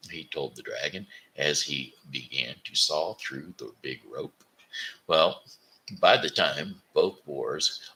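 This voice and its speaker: A deep, gravelly man from Missouri reads a children's book aloud, slowly and with a lively, rising and falling pitch. He stumbles over words and corrects himself as he goes. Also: low-quality recording. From Missouri, USA. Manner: slow reading with stumbles and self-corrections. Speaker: host reading aloud.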